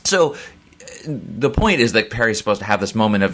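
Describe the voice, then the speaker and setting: A man's voice: on the low side, very animated, fairly quick, fairly bright tone. A man co-hosting a casual podcast discussion who agrees readily, laughs easily and describes scenes in detail. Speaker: podcast co-host.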